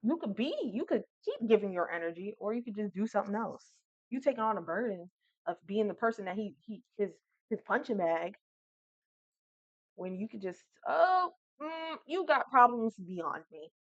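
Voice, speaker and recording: A woman's voice: medium pitch, brisk, a little mellow, no room sound, highs cut off. A woman giving a casual spoken reading, blunt and profane, talking frankly to the listener. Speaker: tarot reader.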